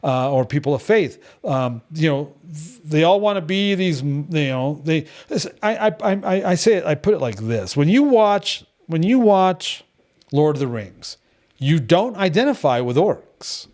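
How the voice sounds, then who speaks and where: Leading a devotional gathering, a middle-aged man tells stories bluntly in casual talk, restarting many times. His fairly high voice is expressive and a little mellow, at a measured pace.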